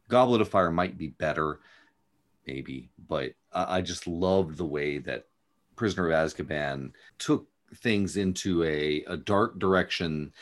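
A man with a very low voice co-hosting a casual podcast. He talks in a measured, reflective way and lays out his thoughts in full. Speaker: podcast co-host.

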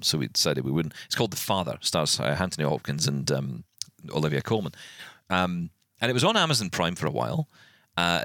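A man with a low, deep voice co-hosts a podcast, his pitch swinging widely as he rants in exasperation. He stumbles over restarts as he talks in casual chat, recorded dry and close with no room sound. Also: dry recording. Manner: animated, exasperated ranting with many restarts. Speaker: podcast co-host.

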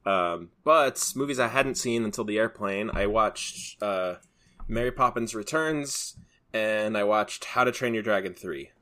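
Fairly low-pitched yet bright, the man talks at a measured pace with a forceful tone. He co-hosts a podcast, casually rambling with lots of fillers and restarts.

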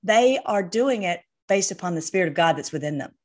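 A woman's voice: fairly low pitch, expressive, brisk, darkish tone. A woman in casual conversation about faith, talking with many fillers and restarts as she gathers her thoughts.

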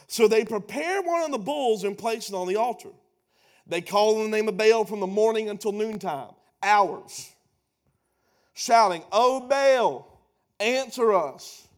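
A man preaching a sermon, animated and sarcastic, swinging between loud retellings and hushed asides. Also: sits high.

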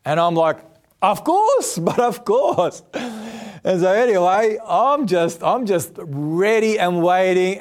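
A middle-aged man preaching a sermon, his voice pitched high for a man. He tells stories with animated jumps in pitch, then settles into a steady preaching tone. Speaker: pastor. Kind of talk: sermon with personal story.

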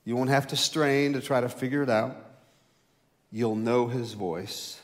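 A male pastor delivering a sermon in a mid-range voice. He climbs loud and high on his key points, then sinks to a low, slow hush. His voice carries a long reverb from a large church hall. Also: steady tone.

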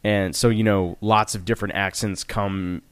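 Hesitant, halting man, lowish voice. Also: fairly even intonation, smooth, dry recording. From Louisiana. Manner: hesitant, halting, heavy on fillers. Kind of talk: casual chat.

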